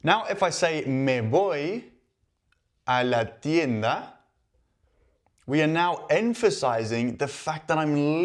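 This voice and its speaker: A man explaining Spanish grammar in a methodical language lesson, spelling out each example and stressing key words. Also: medium pitch. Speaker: Spanish teacher.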